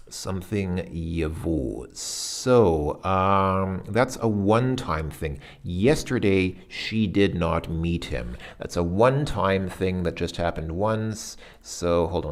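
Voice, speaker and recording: Low creaky man thinking aloud. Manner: hesitant, searching, self-correcting; sounds out foreign words haltingly. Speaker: language lesson host. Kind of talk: thinking aloud through a workbook exercise.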